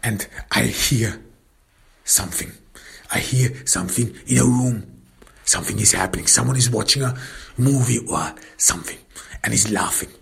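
A male storyteller recounts a grim tale in the first person with barely contained rage. His voice is low, gravelly and very husky, and he takes his time. He often drops into a tense whisper. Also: moderate pace, long pauses, fairly bright tone. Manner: intense, angry, breaks into whispers.

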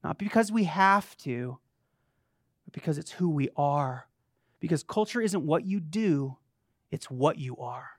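Male pastor, high voice, dry close mic; emphatic sermon delivery, addresses the congregation directly. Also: expressive, a little slow, long pauses, no room sound. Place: church sanctuary.

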